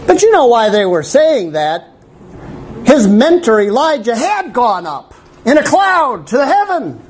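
Slow, animated male pastor preaching. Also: very high-pitched, slight background noise, rough recording. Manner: animated preaching with wry asides. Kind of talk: sermon. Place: church.

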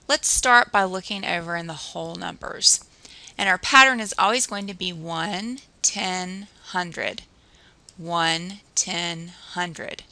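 A woman teacher narrating a recorded math lesson, explaining patiently and counting through drills slowly. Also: fairly low pitch, creaky, pushed and bright, no echo, rough recording.

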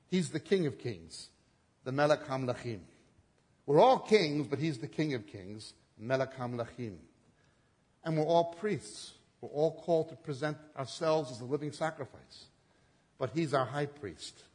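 A man preaching a sermon, swinging between loud emphatic peaks and low quiet drops, acting out the quoted lines. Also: breathy edge. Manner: dramatic swings in pitch and loudness, acting out quotes. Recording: long hall reverb.

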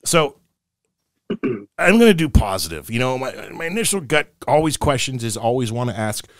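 Animated joke-telling dad host. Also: male voice, mid-range voice, moderate pace, no room sound, studio quality. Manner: jokey, animated storyteller, acts out voices in jokes. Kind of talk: casual podcast chat.

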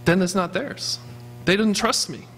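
A man's voice: sits high, a little slow, fairly bright tone, a little hiss or hum. A man preaching a sermon as pastor of a church, earnestly asking his congregation questions. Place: church sanctuary.

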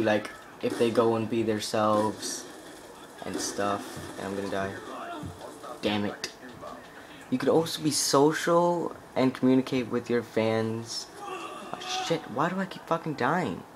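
Over a noisy background, a young man with a lowish voice talks his way through gameplay in a loose, rambling style. He swears often and fills his sentences with "like."

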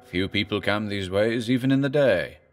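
A man voicing a tall, thin, masked wanderer who speaks with soft, old-fashioned courtesy. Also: on the low side, normal speed, soft background music, close to an everyday voice. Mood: courteous. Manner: softly courteous, archaic speech.

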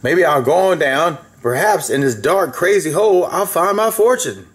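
A man voicing a kindly old gentleman rabbit with rheumatism, polite and old-fashioned. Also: on the high side, lively intonation, normal speed, close to an everyday voice.

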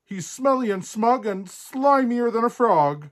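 A man's voice: on the high side, brisk, a bit bright, pitched above the performer's own voice, close to an everyday voice. A man voicing a spoiled, furious young princess girl, snappish and indignant.

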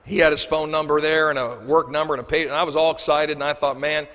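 A male motivational speaker delivering a storytelling keynote on stage, animated, switching between loud bursts and hushed asides. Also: a little high, fast talker. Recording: echoey large hall.

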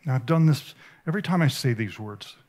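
A man giving a sermon at a conference, earnest and vivid, with halting restarts. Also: medium pitch, animated, a little mellow. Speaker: conference speaker. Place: conference stage.

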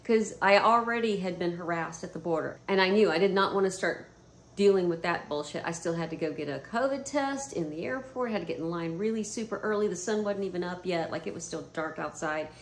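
A woman vlogger telling a story to camera in a casual, animated way, swearing freely and often breaking into laughter. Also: on the low side, brisk. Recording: roomy echo.

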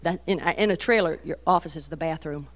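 A middle-aged woman giving a folksy, animated talk to a women's meeting, storytelling with many asides. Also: sits low, a little fast. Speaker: Christian women's speaker.

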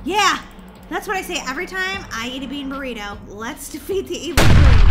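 A woman hosting a game let's-play with bubbly, excitable, jokey commentary. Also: high-pitched, brisk, very noisy. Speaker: gaming channel host. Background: game music.

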